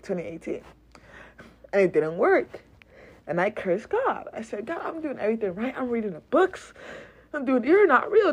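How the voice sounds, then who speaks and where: A woman's voice: mid-range voice, husky. A woman hosting a casual spiritual podcast, talking animatedly, laughing and swearing as she acts out quoted voices. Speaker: podcast host.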